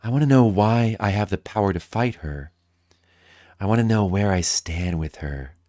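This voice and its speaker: A man's voice: on the low side, moderate pace, dark tone, no echo, studio quality, close to an everyday voice. A man doing a sultry heroine's voice. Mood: pleading.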